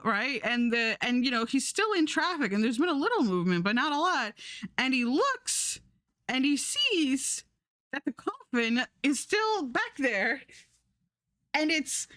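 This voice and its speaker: A woman streamer telling a story in a casual, animated way, repeating words and restarting often. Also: on the high side, no room sound, clean studio sound.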